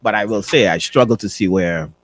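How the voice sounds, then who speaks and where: A man's voice: on the low side, fairly quick, a little hiss or hum. A man hosting a morning talk radio show, reading listener questions aloud. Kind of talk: casual talk radio banter.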